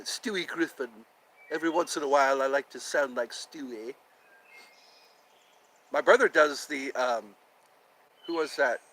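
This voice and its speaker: A man's voice: fairly high pitch, bright, forceful tone. A man hosting his own show in a playful, rambling monologue, goofing around between topics. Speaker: host.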